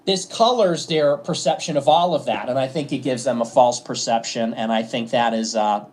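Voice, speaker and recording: A man's voice: medium pitch, normal speed. A man in a played interview clip, answering earnestly about how others see him. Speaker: political commentator.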